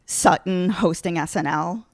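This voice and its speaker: A woman's voice: fairly low pitch, a little slow, no echo. A woman hosting a podcast, asking questions in enthusiastic casual chat. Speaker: podcast host.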